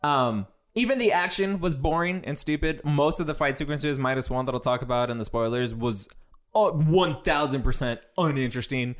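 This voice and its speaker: A man's voice: medium pitch, normal speed. A man co-hosting a casual movie review, blunt and exasperated, swearing freely as he rants.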